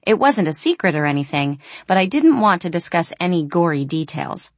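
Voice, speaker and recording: A woman narrating a first-person audiobook in an expressive, storytelling way. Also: on the low side, moderate pace, dry recording.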